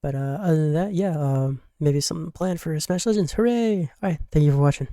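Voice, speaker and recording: A gaming YouTuber giving a casual, rambling game recap, full of fillers and quickly acting out the characters' lines. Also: medium pitch, warm tone, no room sound, studio quality.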